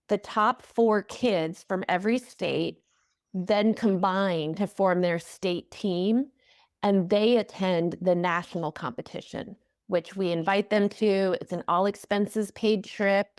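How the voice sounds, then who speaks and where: A woman's voice: fairly low pitch, no echo, studio quality. A woman being interviewed as the head of a math organization, explaining its programs in an earnest, enthusiastic way. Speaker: executive director of a math organization, guest. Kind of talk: interview answers.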